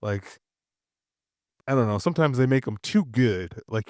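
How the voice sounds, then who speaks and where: A man's voice: mid-range voice, lively intonation, measured pace, darkish tone, no room sound, clean studio sound. A man co-hosting a casual film review podcast, rambling loosely with many fillers and restarts. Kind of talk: casual chat.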